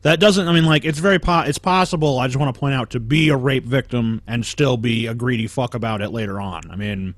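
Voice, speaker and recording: A man's voice: medium pitch, fairly quick, hardly any pauses, dry recording. A man co-hosting a casual podcast, commenting on a clip and breaking into profane rants. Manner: profane, ranting, animated. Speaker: podcast co-host.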